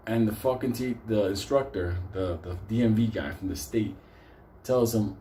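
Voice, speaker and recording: A man's voice: fairly low pitch, normal speed, dark tone, a little hiss or hum. Profane New man telling a story. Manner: profane, laughing storyteller who acts out the people in his story. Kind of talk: casual anecdote.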